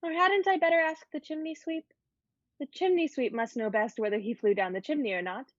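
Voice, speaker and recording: A woman's voice: sits high, steady tone, a little fast, no echo, close to an everyday voice. A woman voicing a curious, playful fourteen-year-old girl in an amateur online play reading, teasing and pleading by turns. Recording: dull lo-fi sound.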